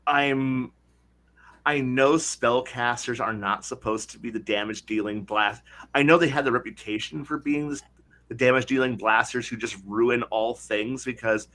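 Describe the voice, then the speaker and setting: A man hosting a casual podcast chat about tabletop games, talking animatedly and slipping into quick voices for players. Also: mid-range voice, a bit bright. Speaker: podcast host.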